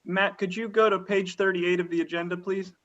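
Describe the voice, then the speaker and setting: County board guy asking careful questions, kinda high voice, muffled meeting recording. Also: fairly even intonation, fairly bright tone. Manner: measured, questioning, restarts often. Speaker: county supervisor. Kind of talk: public meeting discussion. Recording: dull lo-fi meeting audio.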